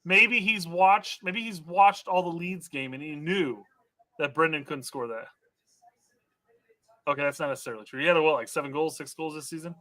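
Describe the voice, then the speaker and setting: A man's voice: a little high, moderate pace, sharp tone. A man co-hosting a live soccer watch-along stream, chatting about the plays and reading viewer comments aloud. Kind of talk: casual live match watch-along chat.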